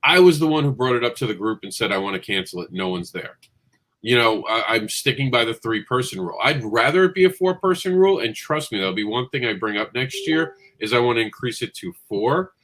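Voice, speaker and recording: Animated man hosting a livestream chat. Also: mid-range voice, brisk. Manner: animated, impassioned, talks over others. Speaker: livestream show host. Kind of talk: casual panel chat.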